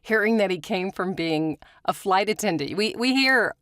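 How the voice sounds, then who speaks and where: A woman's voice: mid-range voice, animated, normal speed, fairly bright tone, no room sound, studio quality. Bubbly female podcast co-host. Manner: bubbly, laughs easily. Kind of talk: casual podcast chat.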